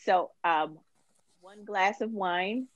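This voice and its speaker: A woman gynecologist on a panel discussion, talking in a halting way with many restarts and fillers over a video call. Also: mid-range voice, dry recording, muffled recording. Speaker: obstetrician-gynecologist guest.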